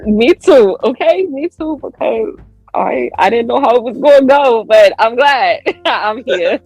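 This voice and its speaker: A woman with a fairly high voice tells a story on a podcast. She acts out her own lines with wild swings in pitch and laughs often. The sound is dry and close, with faint music underneath. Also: animated, a little slow, darkish tone, slightly rough, no room sound, poor audio. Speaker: podcast guest. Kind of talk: animated storytelling.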